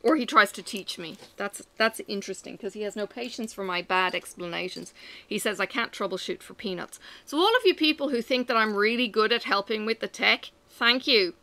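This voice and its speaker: Chatty woman with a gravelly edge. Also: medium pitch, a little fast. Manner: chatty, animated, self-mocking. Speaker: vlogger. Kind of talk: casual chat to camera.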